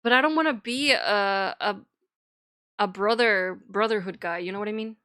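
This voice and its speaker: A woman's voice: medium pitch, normal speed, bright, forceful tone, clear, resonant tone. A young woman streaming, chatting casually and rambling between topics, giggling and swearing now and then. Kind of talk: casual chat.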